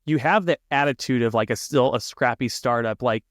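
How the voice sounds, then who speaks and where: Smooth-voiced man enthusiastically co-hosting. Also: medium pitch, brisk, a bit bright, dry recording, studio quality. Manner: enthusiastic, often laughing. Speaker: podcast co-host. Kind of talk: casual conversation.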